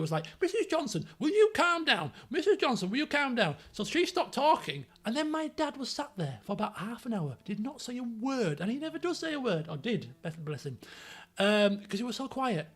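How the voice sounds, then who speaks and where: Animated man with a high, gravelly voice. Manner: animated, rambling anecdotes with acted-out quotes. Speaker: streamer. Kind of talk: casual storytelling on a live stream.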